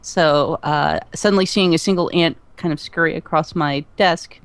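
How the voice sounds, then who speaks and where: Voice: medium pitch, normal speed, slight background noise. A co-host on a casual gaming livestream who rambles and stumbles through sentences while reading out comments. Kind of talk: casual gaming stream chat.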